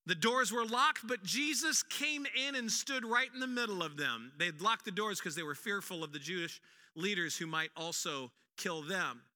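An animated male pastor preaching, acting out the stories with humor. His voice is high and very bright and piercing, and a long hall reverb trails each phrase. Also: moderate pace. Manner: animated storyteller, acts out quotes with humor. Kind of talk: sermon.

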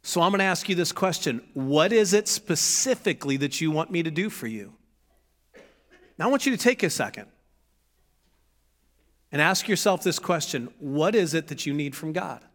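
A man preaching a sermon as pastor, animated, acting out shouted pleas from the story. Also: on the high side, normal speed, long pauses, in a large hall.

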